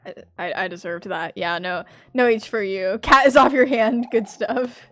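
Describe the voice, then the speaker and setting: A woman streaming a platform game, chatting with her viewers, laughing a lot and yelling loudly when she fails. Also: medium pitch, normal speed, soft background music. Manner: chatty, laughs often, bursts into loud yells at failures. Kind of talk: casual live-stream commentary.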